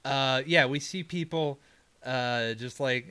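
A man co-hosting a casual movie recap podcast, joking, swearing and acting out characters in quick bits. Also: medium pitch, pushed and bright, clear, resonant tone. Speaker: podcast co-host.

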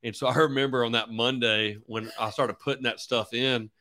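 A man's voice: mid-range voice, steady tone, moderate pace, sharp tone. A middle-aged man, a football coach, chatting easygoingly as a podcast guest and acting out quotes in his stories. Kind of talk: casual interview chat.

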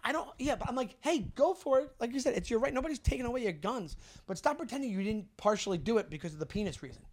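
A man, co-hosting a podcast and telling animated stories with swearing and restarts. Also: high voice, rapid-fire. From Long Island, New York. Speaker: podcast co-host. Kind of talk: casual chat.

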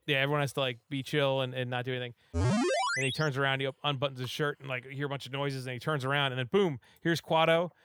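A man's voice: mid-range voice, steady tone, quick pace, a bit bright, a little hiss or hum. A man giving a casual, rambling movie recap, full of fillers and acted-out quotes.

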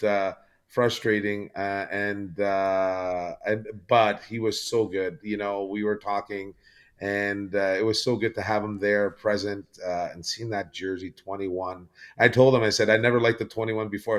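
A man with a lowish voice tells a long story as a podcast guest, trailing through fillers and restarts as he goes. He is from Canada and talks casually. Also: flat delivery, moderate pace. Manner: rambling storytelling with many fillers.

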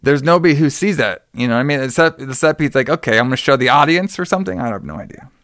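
A man in loose, casual conversation walks through a movie plot, swearing freely and slipping into the characters' voices. His voice sits at an ordinary middle pitch. The sound is dry and close. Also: expressive, quick pace, fairly bright tone, no room sound. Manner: profane, rambling, acts out characters' lines. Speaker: podcast co-host recapping a movie. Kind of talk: casual chat.

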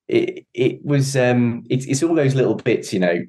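A man's voice: mid-range voice, expressive, normal speed, mellow. A man guesting on a podcast, talking in an earnest, reflective way and often searching for his words. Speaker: podcast guest, endurance cyclist. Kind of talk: casual conversation.

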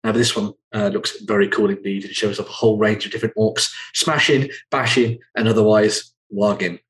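A man's voice: on the low side, steady tone, fairly quick, a bit bright, a little hiss or hum, low-quality recording. A man hosting a casual chat, rambling with lots of ums and uhs as he runs through news. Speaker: host.

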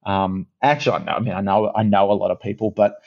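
A middle-aged man with an Australian accent, a guest in a casual interview, telling stories in a chatty, animated way with many restarts. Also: lowish voice, fast talker, gravelly, highs cut off. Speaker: guest, actor and presenter.

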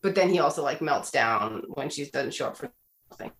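A woman guest on a podcast, explaining her views in an animated, opinionated way in casual chat. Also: deep voice, brisk, reverberant.

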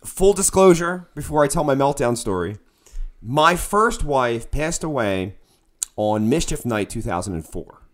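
A man, a musician, telling a tour story in casual chat, animated and bursting into loud quoted lines. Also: medium pitch, unhurried.

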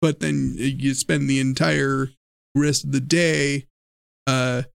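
A man co-hosting a podcast in casual chat, telling animated stories with frequent laughs and swearing. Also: medium pitch, takes it slowly, gravelly, no echo, clean studio sound. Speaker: podcast co-host.

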